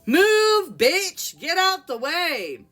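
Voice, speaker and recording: Woman putting on a shrill drunk party girl. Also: big pitch swings, slow, bright, forceful tone, faint music behind, heavily acted. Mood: shrieking. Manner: shrieking, high and wailing.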